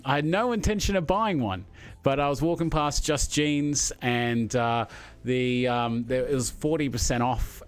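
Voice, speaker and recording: A middle-aged Australian man chats on a live stream in a loose, easygoing way. He rambles, stops to chuckle, and fills pauses with plenty of ums and uhs. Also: mid-range voice. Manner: rambling, with many fillers and chuckles. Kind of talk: casual live-stream chat.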